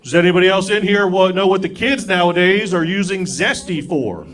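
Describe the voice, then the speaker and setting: A young man doing a stand-up set on a comedy club stage with an animated, self-mocking delivery. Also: sits high, a little fast. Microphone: stage mic. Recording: live club recording with crowd. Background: audience laughter.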